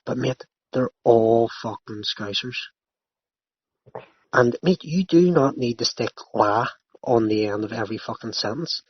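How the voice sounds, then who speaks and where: A man hosting a podcast speaks a little slowly in a mid-range voice with a breathy edge. He rants and curses during loose banter with a friend, and the audio is dry, slightly muffled lo-fi with no room sound.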